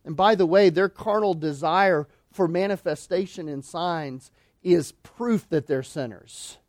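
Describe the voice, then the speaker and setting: Pastor, male, high voice, dry close sound, emphatic sermon delivery with rhetorical questions. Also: measured pace, no echo. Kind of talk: expository sermon.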